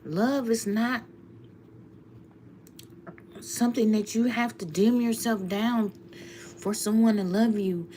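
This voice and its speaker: A woman's voice: on the high side, slow, long pauses, warm tone, slight background noise. A woman tarot reader speaking heartfelt and emotional on a live stream to her viewers, often laughing.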